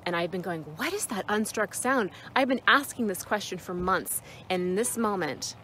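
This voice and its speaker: A woman with a lowish voice speaks slowly and heartfelt, as if sharing a mindfulness reflection. She sounds moved, pausing often. Faint outdoor ambience sits behind her. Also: a little hiss or hum. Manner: gentle, heartfelt and emotional, slow pauses. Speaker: mindfulness vlogger. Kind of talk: reflective spoken meditation talk. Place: outdoors in nature.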